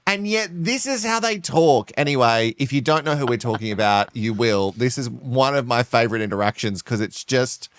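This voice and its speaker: A man's voice: medium pitch, normal speed, few pauses, fairly bright tone, no echo, clean studio sound. A man co-hosting a podcast, chatty, swearing freely and laughing often. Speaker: podcast co-host. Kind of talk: casual chat.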